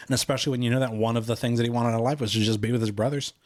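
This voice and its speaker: A man's voice: medium pitch, steady tone, very fast, dry recording. A man co-hosting a podcast, retelling a film in a casual, rambling way, with lots of "you know" and "like". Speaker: podcast co-host.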